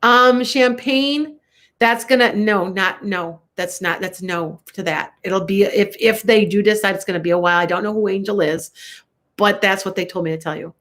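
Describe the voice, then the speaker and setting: A woman's voice: mid-range voice, moderate pace, a bit bright. A woman tarot reader from the Chicago area, talking casually to viewers on a live stream, rambling and correcting herself as she goes. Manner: rambling, chatty, frequent self-corrections.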